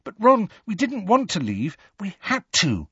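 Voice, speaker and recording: A man's voice: fairly high pitch, expressive, a little slow, dry recording, lo-fi sound, pitched above the performer's own voice. A man reading an audiobook voices a studious, bossy teenage girl, speaking firmly and a little exasperated. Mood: apologetic. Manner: firm, slightly exasperated.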